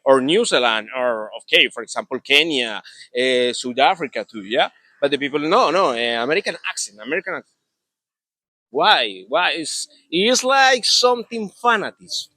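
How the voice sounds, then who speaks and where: A young man with a Colombian Spanish accent, a native Spanish speaker, talking in an interview in halting English with many restarts. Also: on the high side, expressive, sharp tone, no room sound. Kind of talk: casual interview talk.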